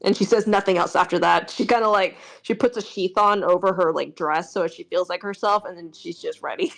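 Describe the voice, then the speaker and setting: A woman at a tabletop game describes her character's actions in a dry, matter-of-fact way. Her voice is fairly low with a gravelly texture. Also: a little fast, fairly bright tone. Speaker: player. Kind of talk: casual tabletop role-play.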